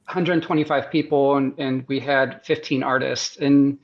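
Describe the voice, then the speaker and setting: A man's voice: medium pitch, steady tone, a little slow. An American man, a guest artist and surgeon, telling stories in a rambling way with many restarts on a video-call podcast. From United States. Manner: rambling, restarts often, laughs at his own stories. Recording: muffled lo-fi sound.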